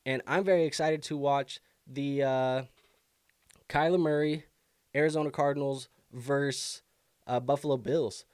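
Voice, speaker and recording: A man's voice: medium pitch, fairly even intonation, a little slow, darkish tone, smooth, no room sound, clean studio sound. Casual man hosting a fantasy football stream. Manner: casual, thinking aloud with many fillers. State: has the hiccups. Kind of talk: live stream Q&A advice.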